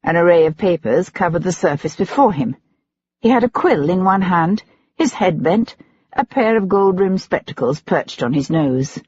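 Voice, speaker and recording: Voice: mid-range voice, animated, moderate pace, darkish tone, husky. An audiobook narrator reading a period mystery in scripted narration. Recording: dull lo-fi audiobook recording.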